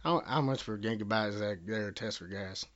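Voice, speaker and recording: A man's voice: fairly low pitch, moderate pace, fairly bright tone. A man with a Southern US accent making a prank phone call, rambling, bumbling and cursing as he talks. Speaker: prank caller.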